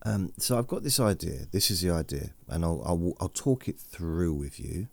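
On a bedtime podcast, a man rambles self-deprecatingly in a low, animated voice with vocal fry and a darkish tone at a moderate pace. The close-mic studio recording has no echo and is edited and processed for a relaxing sound.

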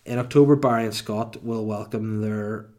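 A man's voice: fairly low pitch, fairly even intonation, moderate pace, mellow. A man in his thirties hosting a comedy podcast alone, rambling through irreverent, sweary asides. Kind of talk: comedic solo podcast monologue.

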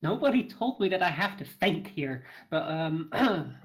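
A man as a guest on a casual podcast, answering hesitantly and halting, with many pauses and restarts. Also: on the high side, big pitch swings. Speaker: interview guest.

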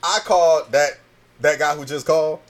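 A man in his thirties telling a story in casual chat, animated, acting out the voices and swearing freely. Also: on the high side, moderate pace. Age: 30s.

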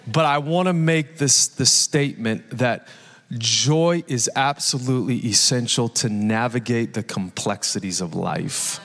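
A man in his thirties giving a lively, conversational live sermon as pastor, joking and asking the congregation questions. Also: mid-range voice, measured pace. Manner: energetic, conversational preaching with jokes and audience questions. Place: large church hall. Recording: live church hall reverb.

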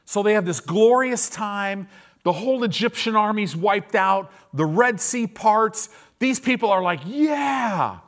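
A man's voice: high voice, a little slow. A male pastor preaching in a conversational way, asking his listeners questions and acting out people's reactions. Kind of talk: sermon.

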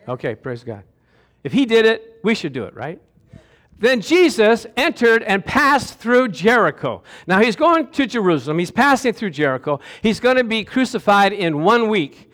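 A man with a high voice preaching a lively sermon in a church. He keeps calling out to the congregation for answers as he goes. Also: moderate pace. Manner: animated, calls out to the congregation for responses.

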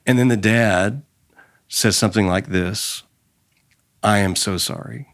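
A man's voice: on the low side, fairly even intonation, normal speed. A man hosting a faith-flavored conversation podcast, talking earnestly and retelling stories with feeling. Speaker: podcast host. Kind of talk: casual conversation.

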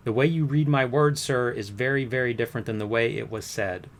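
A man acting out a defensive witness on the stand in a courtroom transcript reading. He answers in short, curt denials. His voice sits at an ordinary male pitch. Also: a little fast, natural voice. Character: defensive male witness testifying under oath. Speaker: witness under cross-examination.

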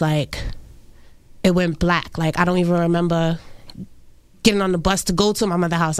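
Young new woman, lowish smooth voice, dry close sound, talks in halting bits w lots of ums. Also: dry recording. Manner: halting, many fillers and restarts. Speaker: interviewee. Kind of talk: emotional personal account.

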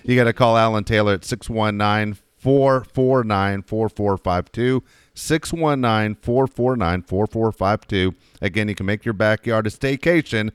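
A man's voice: on the low side, a little slow, clean tone, no echo, studio quality. A man co-hosting a talk show, hyping sponsors with emphatic, casually profane talk. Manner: hyped and emphatic, swears casually. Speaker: radio show co-host.

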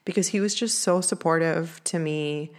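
A woman's voice: low-pitched, normal speed. A young woman telling a personal story in a candid, earnest way, with lots of "like" fillers. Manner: candid, heavy use of "like" fillers; earnest, emotional confessional tone.

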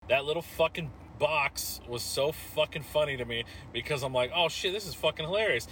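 A man's voice: a little high, brisk, hardly any pauses, fairly bright tone, a little hiss or hum. A man leaving a rambling, heavily profane voice message for a podcast while driving his car.

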